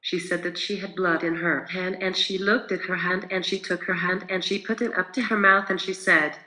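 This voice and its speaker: A man reenacting a courtroom closing argument, reading questions and answers from a court transcript in one steady voice. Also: high voice, moderate pace, echoey room, low-quality recording.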